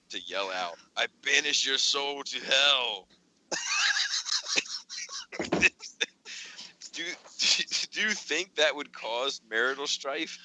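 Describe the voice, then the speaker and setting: A man hosting a podcast in casual chat, recounting a string of text messages in an animated way. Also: mid-range voice, poor audio. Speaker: podcast host.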